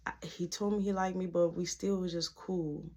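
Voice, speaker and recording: A heartbroken teenage girl pleads in a soft, hushed voice, as a man telling the story puts her on. She stays tearful and begs to be taken back. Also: high voice, steady tone, normal speed. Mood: pleading.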